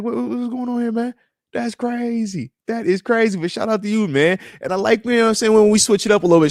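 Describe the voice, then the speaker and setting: An American man in his thirties hosts a live stream, his voice on the high side and recorded with studio quality and no echo. As a podcast host, he chats loosely and reads viewer comments aloud with slangy hype.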